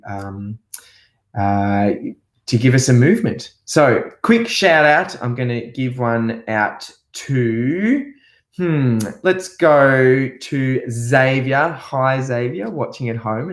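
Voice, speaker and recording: Upbeat music teacher, roomy echo. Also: male voice, medium pitch, takes it slowly. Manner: upbeat, breaks into animal noises. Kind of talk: singing and talking to children in an online class.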